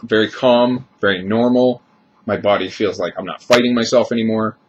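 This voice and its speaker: Low-voiced man in his thirties, confessional. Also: fairly even intonation, moderate pace, muffled recording, slight background noise. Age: 30s. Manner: candid, rambling confessional talk with restarts. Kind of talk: personal vlog monologue.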